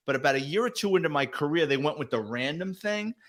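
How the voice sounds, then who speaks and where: Animated, foul-mouthed middle-aged man. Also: a little high, fast talker. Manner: animated, profane, acts out quoted voices. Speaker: guest, retired police detective. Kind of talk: casual storytelling.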